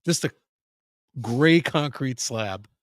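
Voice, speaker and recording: A man's voice: medium pitch, lively intonation, takes it slowly, dry recording, clean studio sound. A man, a podcast guest, telling a long story in casual chat, profane and full of restarts. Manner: rambling, profane, frequent restarts.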